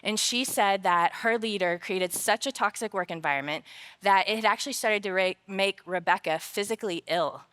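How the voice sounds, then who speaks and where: A woman's voice: medium pitch, normal speed, clear, resonant tone. Woman telling a story in a faith talk. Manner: storytelling, lively personal anecdotes told with humor; earnest and reflective when drawing the lesson. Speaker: conference speaker. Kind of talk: faith-based workplace talk. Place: conference stage.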